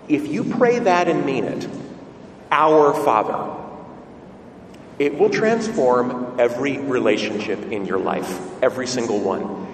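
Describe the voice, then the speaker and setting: Animated male preacher in a roomy hall. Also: mid-range voice, slight background noise. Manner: animated, conversational preaching with rhetorical questions. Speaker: pastor. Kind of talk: sermon. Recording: roomy hall sound from a distant mic.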